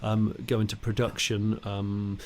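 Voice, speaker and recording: A man's voice: on the low side, little pitch movement, a little slow, a little hiss or hum. A man co-hosting a podcast, chatting casually and enthusiastically, with frequent fillers and restarts. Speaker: podcast co-host. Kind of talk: casual chat.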